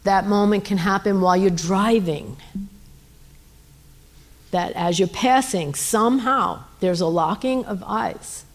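A woman with a medium-pitched voice speaks slowly as a missionary giving a faith testimony. Her storytelling is earnest and emotional, with frequent fillers.

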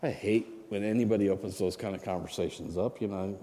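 Mellow-voiced preacher in his sixties. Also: lowish voice, steady tone, fast talker. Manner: conversational, asks the congregation for amens. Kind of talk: sermon storytelling. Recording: long hall reverb.

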